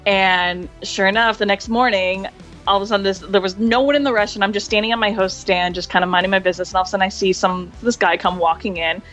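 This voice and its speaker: A woman guest in a casual interview, telling lively stories, laughing often and acting out voices. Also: mid-range voice, quick pace, dull audio, faint music behind. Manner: animated, laughs often, acts out quoted voices. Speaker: interview guest, hotel hospitality worker.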